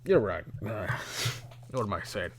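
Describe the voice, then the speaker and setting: A man's voice: fairly low pitch, lively intonation, a little slow. A man voicing a drunk middle-aged boatman who haggles over the price of a boat in a sly, loose way.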